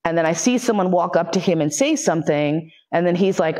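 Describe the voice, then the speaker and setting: A woman's voice: lowish voice, expressive, a little fast, mellow. A woman lecturer telling a personal story frankly and with plenty of swearing, acting out the voices she quotes.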